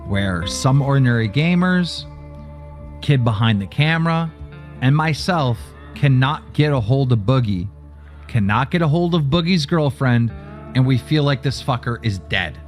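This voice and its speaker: A man's voice: mid-range voice, lively intonation, unhurried, faint music behind. A man telling a heated story in a profane, agitated way, acting out both sides of a phone call. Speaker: streamer recounting a phone call.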